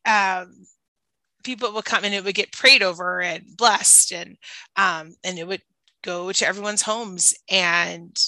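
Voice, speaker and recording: A woman's voice: mid-range voice, fairly even intonation, a little slow, bright, forceful tone, dry recording, rough recording. A woman with a Chicago accent co-hosting a podcast in casual chat, laughing often and saying "like" a lot. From Chicago area. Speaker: podcast co-host.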